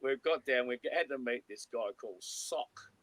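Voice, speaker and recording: A man's voice: mid-range voice, normal speed, fairly bright tone, no echo, rough recording. Rambling man telling stories. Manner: rambling anecdotes with restarts and acted-out quotes. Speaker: co-host, musician telling stories. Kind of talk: casual chat, storytelling.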